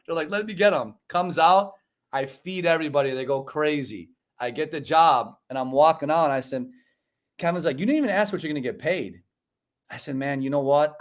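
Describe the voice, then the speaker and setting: Animated man telling a story. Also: on the high side, normal speed. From United States (Chicago). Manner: animated storyteller, acts out quoted dialogue, says "bro" and "man". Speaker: podcast guest. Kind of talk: storytelling in a casual interview.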